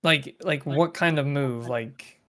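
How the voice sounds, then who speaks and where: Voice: mid-range voice, slow, fairly bright tone. A tabletop player asking hesitant questions about the scene. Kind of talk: casual tabletop play.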